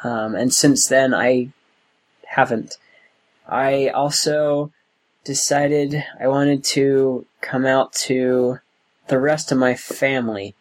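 A young man being interviewed, talking in a slow, thoughtful way with many pauses and restarts. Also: mid-range voice, fairly even intonation, poor audio. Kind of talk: oral history interview.

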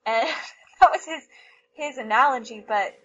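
A woman, a mother, telling a personal story in an interview, animated and repeating herself, often laughing. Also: on the high side, measured pace, dull audio.

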